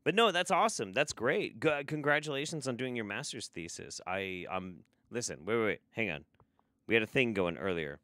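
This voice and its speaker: A man hosting a livestream chat, sarcastic and quick to laugh and swear. His voice is bright and swings widely in pitch. It is close-miked and dry. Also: lively intonation, dry recording. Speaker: livestream host.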